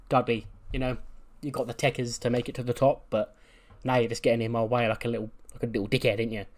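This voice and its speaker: A man's voice: mid-range voice, natural voice. A man putting on a sneering English wrestler heel. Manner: sneering, taunting, heavy use of "mate" and insults. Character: cocky trash-talking English wrestler, grown man.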